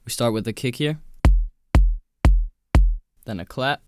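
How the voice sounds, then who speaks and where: A man's voice: medium pitch, slow. A man hosting a music production tutorial, explaining each step in a matter-of-fact voice-over. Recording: voice-over with loud music playing. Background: loud electronic music.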